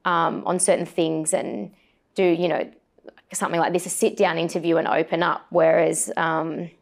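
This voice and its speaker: A woman's voice: on the low side, little pitch movement, moderate pace, creaky. A woman, a sports presenter, chatting as an interview guest with lots of fillers and restarts. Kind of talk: casual interview chat.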